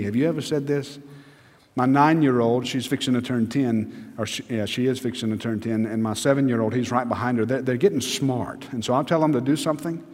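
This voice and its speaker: A man's voice: medium pitch, darkish tone. A man, preaching an earnest, emphatic sermon as a pastor in a church sanctuary. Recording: long church reverb.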